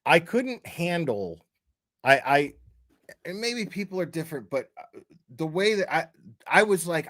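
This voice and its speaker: Choked up and tearful on a true crime livestream, a man from Tennessee stumbles over his words, repeats himself, and swears freely as he talks emotionally. His fairly high voice is sing-song and a bit bright, recorded in clean studio sound with no room sound.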